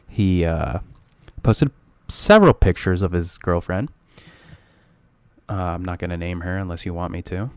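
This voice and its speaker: Low-voiced young man teasing on a podcast. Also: measured pace, a little mellow, clear, resonant tone, no room sound. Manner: teasing, profane, rambling with many fillers. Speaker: podcast co-host. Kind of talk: casual podcast banter.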